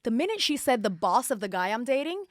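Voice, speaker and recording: A woman in her forties from Puerto Rico tells a story on a podcast, her fairly high voice bouncing as she acts out every line of dialogue. The sound is dry and close, with no room around it. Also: fast, dry recording. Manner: acts out quoted dialogue, lively and chatty. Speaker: guest. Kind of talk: animated storytelling. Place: podcast studio.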